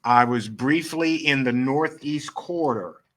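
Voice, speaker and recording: A middle-aged man, a photographer guest on an interview podcast, telling his story in an animated way and acting out the dialogue. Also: mid-range voice, measured pace. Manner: animated, acts out quoted dialogue.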